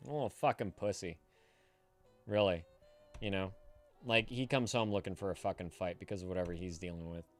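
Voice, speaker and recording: A man in his thirties streams live from home, reading viewers' messages aloud and ranting at them indignantly with plenty of swearing. His voice sits low at a normal speed, with frequent pauses and faint music in the background.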